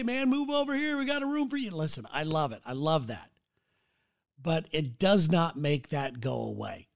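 A man hosting his own podcast, talking alone in a blunt, rambling way and swearing freely. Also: high voice. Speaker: podcast host. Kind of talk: casual solo monologue. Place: city.

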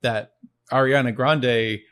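A man's voice: medium pitch, fairly even intonation, slow pace, a bit bright. A man hosting his own show, explaining philosophy in an earnest solo talk, often repeating words as he gathers his thoughts. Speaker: show host.

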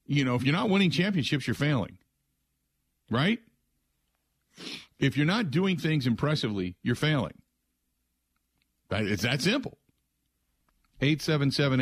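A man's voice: medium pitch, no room sound. A man hosting a sports talk radio show, emphatic and opinionated, with many fillers as he argues his point.

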